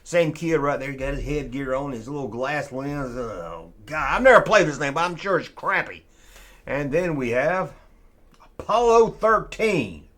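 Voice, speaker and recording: A man's voice: mid-range voice, lively intonation, moderate pace, a bit bright. A man hosting a casual review, talking with snarky grumbling and casual swearing. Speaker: host reviewing old toys. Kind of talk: casual sarcastic commentary.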